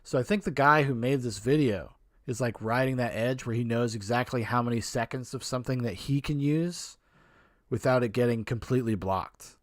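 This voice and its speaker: A man's voice: medium pitch, normal speed, no room sound, studio quality. A man hosting a casual live stream, reacting to a video in a rambling, self-interrupting way and swearing offhandedly. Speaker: podcast host streaming a watch-along.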